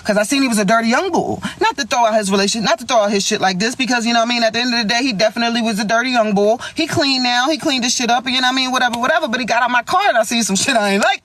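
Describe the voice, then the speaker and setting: A young woman telling a story in a vlog, animated, slangy and full of swearing. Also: on the high side, very fast, few pauses.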